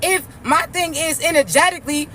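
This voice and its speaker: A young woman delivers a brash, mocking rant full of profanity, like a vlog talking straight to her viewers. Her voice sits high and bright and sharp. Faint traffic noise hums in the background. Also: a little fast. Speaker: spiritual vlogger. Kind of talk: casual rant to camera.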